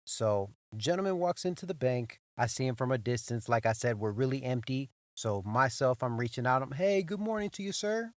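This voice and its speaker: Profane, animated young man telling a story. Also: medium pitch, normal speed, few pauses, dry recording. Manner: animated, profane, repeats himself, says "bro". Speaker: podcast host. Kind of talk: casual storytelling monologue.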